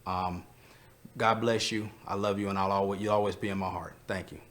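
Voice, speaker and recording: A man's voice: low voice, steady tone, brisk, a bit bright. A young man, a coach, telling a rambling personal story in a tribute to a friend, holding back tears.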